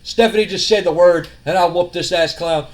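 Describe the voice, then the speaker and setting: Cocky trash-talking wrestler guy, a man putting him on, brags and insults, kinda high voice. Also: a little fast, natural voice. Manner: boastful, insulting.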